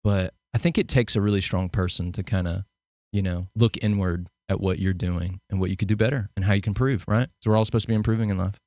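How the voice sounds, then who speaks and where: A man with a fairly low voice hosts a podcast interview in a loose, rambling way. He tells stories with lively energy. The sound is dry and close. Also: quick pace, no room sound. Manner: rambling, animated storyteller. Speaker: podcast host. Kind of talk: casual conversational interview.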